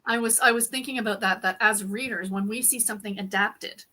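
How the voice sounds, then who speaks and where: A woman's voice: medium pitch, fairly even intonation, fairly quick, bright, forceful tone. A woman co-hosting a casual chat, agreeable and reflective. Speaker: co-host.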